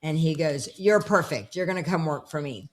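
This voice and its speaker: Low-voiced woman telling a lively story. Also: brisk. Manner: animated storyteller acting out quoted dialogue. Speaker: personal development coach and speaker. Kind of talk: storytelling in a casual interview. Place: home with dogs around.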